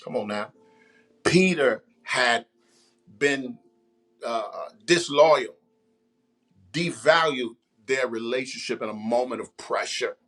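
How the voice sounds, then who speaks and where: A man's voice: medium pitch, takes it slowly, long pauses, fairly bright tone. A man preaching a sermon, repeating phrases and calling out to the congregation. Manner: preaching with repetition and call-outs to the congregation. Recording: faint music behind.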